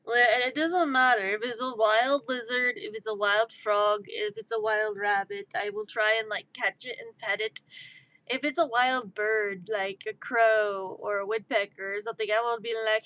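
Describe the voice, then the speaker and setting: A woman's voice: fairly high pitch, fairly even intonation, moderate pace, bright, forceful tone, muffled recording. A woman streamer chatting casually on a live stream, giggling and rambling, easily amused.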